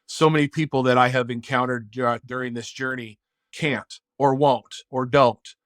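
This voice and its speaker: A man speaks as a podcast guest, earnest and heartfelt, sometimes acting out snatches of conversation. His voice sits in an ordinary middle pitch. The sound is close and dry, with no room around it. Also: steady tone, moderate pace, a bit bright, no echo. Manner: earnest, heartfelt, acts out quoted dialogue. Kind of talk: casual interview storytelling.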